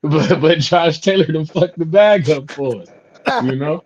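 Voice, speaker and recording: A man talks boxing with loose, profane humor and keeps breaking into laughs. His voice sits a little high. The stream audio is dull and lo-fi. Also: measured pace. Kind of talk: casual fight chat.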